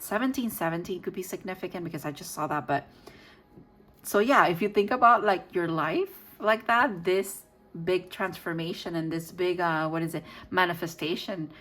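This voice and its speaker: A woman with a somewhat low voice talks through a tarot reading in a loose, unscripted way. She thinks out loud, stumbles and corrects herself mid-sentence. She breaks into soft laughter every so often. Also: normal speed, rough recording. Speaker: tarot reader. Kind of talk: casual tarot reading to viewers.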